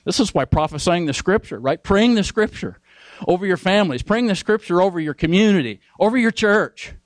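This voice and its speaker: A man's voice: high-pitched, lively intonation, fairly quick, no echo, low-quality recording. A man preaching a sermon, emphatic, repeating key phrases and asking his listeners questions.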